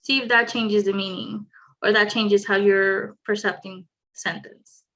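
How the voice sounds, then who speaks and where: A woman leading an online communication skills workshop, explaining clearly and adding light humorous asides. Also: medium pitch, fairly even intonation, unhurried, a bit bright, highs cut off. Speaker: workshop presenter. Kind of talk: online training presentation.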